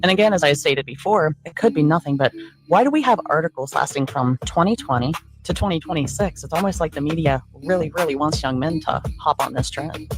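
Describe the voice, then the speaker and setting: A woman's voice: low-pitched, a little fast. A woman reading a scripted voice-over narration in a sly, insinuating tone, dropping knowing asides. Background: music bed.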